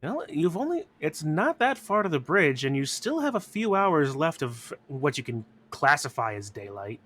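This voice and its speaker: Man slowly narrating as game master. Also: on the high side, very animated, fairly bright tone. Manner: slow, measured scene descriptions.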